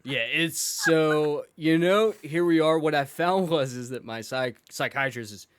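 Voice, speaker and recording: A man's voice: a little high, a little slow, smooth. A male podcast host telling a comic story, acting out the quoted dialogue. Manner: animated, acts out quoted dialogue. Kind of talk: comedic storytelling.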